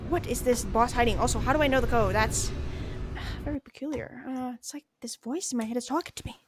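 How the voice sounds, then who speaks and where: A woman's voice: a little high, fast. A woman streamer chatting playfully and casually while she plays a game. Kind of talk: casual gameplay commentary.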